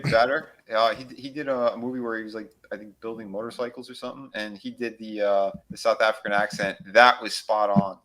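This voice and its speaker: A man's voice: fairly low pitch, fairly even intonation, fairly quick, few pauses, fairly bright tone. A man joking around as a guest on a casual podcast. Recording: noisy crowd behind.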